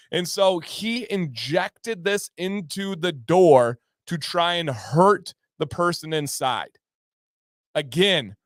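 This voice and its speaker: A man hosting a casual livestream, answering chat by name and reacting in a lively, talkative way. His voice sits a little high for a man. It sounds close and dry, with no room echo. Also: clear, resonant tone. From Michigan. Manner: chatty and animated, laughs often, repeats phrases, reacts to chat by name. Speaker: livestream host. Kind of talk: casual livestream chat, reading viewer comments.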